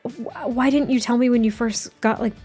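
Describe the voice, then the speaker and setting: A woman's voice: fairly high pitch, mellow, slightly rough, faint music behind. A woman voicing an adoring, anxious young girlfriend who gushes in a flustered rush. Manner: gushing, flustered, quick.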